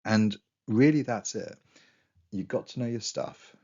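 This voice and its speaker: In a revision lesson, a history teacher whose very deep voice is turning hoarse speaks chattily, full of quoted asides. His delivery is measured with a dark tone, and the recording comes across a little muffled and dull.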